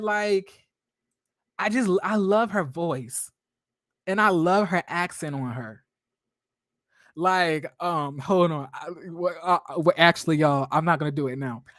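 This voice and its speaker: A man's voice: sits high, fairly bright tone, no room sound, clean studio sound. A young man giving casual, profane reaction commentary on a reality show during a live stream, chatty, laughing a lot and restarting his sentences.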